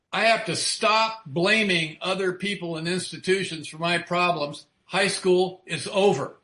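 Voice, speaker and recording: Guy giving a recovery talk, kinda high bright voice, blunt and swears a lot. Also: echoey room. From United States. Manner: earnest and frank, swearing freely, asking the listener rhetorical questions. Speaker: recovery speaker.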